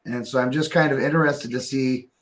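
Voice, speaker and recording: A man with a mid-range voice chats easily as one of several panelists. He thinks out loud and pads his points with fillers and small restarts. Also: medium pitch, steady tone, brisk. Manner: easygoing, thinks aloud with fillers. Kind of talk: casual group chat.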